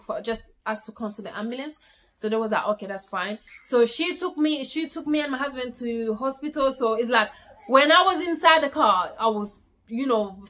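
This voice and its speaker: A young woman vlogger telling a personal story at home, casual and animated, repeating words for emphasis. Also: fairly high pitch.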